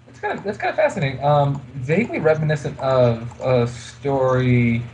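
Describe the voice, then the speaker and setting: A man in a relaxed podcast conversation, wandering through his points with plenty of ums and restarts. His voice sits at an ordinary middle pitch. A faint hiss of noise sits under the recording. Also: moderate pace, low-quality recording. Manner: rambling, full of fillers and restarts. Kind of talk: casual chat about comics.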